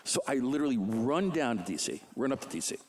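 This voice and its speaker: A man casually telling a story about his own career, animated, often restarting sentences and acting out other people's lines. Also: fast, a little hiss or hum. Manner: animated, acts out other people's lines with big pitch jumps; frequent restarts and stumbles. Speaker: comic book artist guest.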